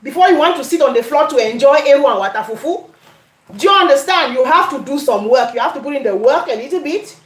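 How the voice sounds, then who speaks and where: Cameroonian-accented woman, high voice, chatty cooking host, echoey home kitchen. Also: animated, quick pace. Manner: chatty, addresses viewers, breaks into Pidgin. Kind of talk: casual cooking demonstration.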